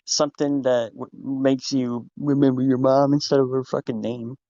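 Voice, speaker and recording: A man's voice: mid-range voice, little pitch movement, normal speed, dark tone, no echo. Dry blunt young man, lo-fi mic. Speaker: podcast guest. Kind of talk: casual chat.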